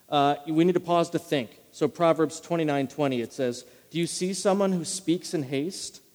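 A man preaching a sermon in a conversational way, repeating key phrases and slowing down to read scripture. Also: a little high, a little mellow. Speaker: pastor. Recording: long reverb of a large hall.

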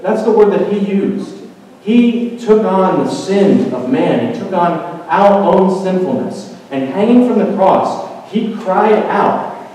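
A man delivers a sermon in a large, reverberant hall, heard from a little distance. His voice sits a touch high for a man. He climbs to intense, rapid peaks, then falls to hushed, quiet stresses. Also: lively intonation. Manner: swings from intense building climaxes to hushed quiet emphasis. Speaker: pastor.

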